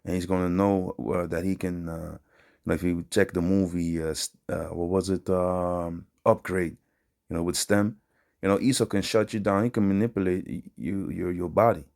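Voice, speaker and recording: A man with a very low voice gives a loose, informal religious teaching. He talks in street slang, ends his phrases with "man", and rambles through fillers and restarts. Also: fairly even intonation, normal speed, vocal fry, darkish tone. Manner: street-style slangy preaching, repeats "man". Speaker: preacher.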